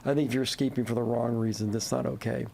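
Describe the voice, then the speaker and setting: A man hosting a podcast interview, asking questions in a halting way with frequent restarts. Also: mid-range voice, fairly even intonation, creaky, darkish tone, slight background noise. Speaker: podcast host.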